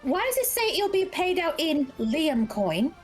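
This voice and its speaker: A woman's voice: high-pitched, sing-song, unhurried, soft background music. A woman playing a tabletop game on a live stream, bubbly and teasing, swearing freely. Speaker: player. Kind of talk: casual role-play on a live stream.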